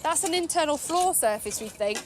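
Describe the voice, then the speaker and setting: A woman archaeologist explaining finds at an outdoor dig site, brisk and pointing things out. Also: sits high, lively intonation, background noise.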